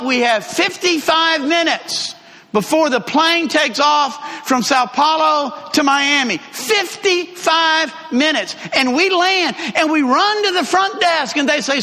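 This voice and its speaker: A man preaching a sermon, telling a travel story with lively emphasis and repeated phrases. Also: very high-pitched. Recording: long hall reverb.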